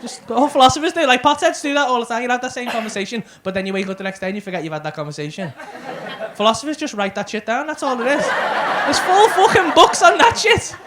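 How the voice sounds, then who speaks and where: A young Scouse comedian working the crowd, rowdy and full of swearing. The club recording is noisy, with laughter behind him. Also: male voice, very high-pitched, expressive, quick pace. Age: young adult. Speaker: stand-up comedian. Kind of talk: crowd work and stand-up storytelling. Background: audience laughter.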